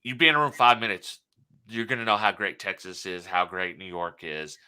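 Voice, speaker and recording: Blunt opinionated man, very bright voice. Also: low-pitched, fairly even intonation, fairly quick, clean tone. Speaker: podcast co-host. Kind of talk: casual chat.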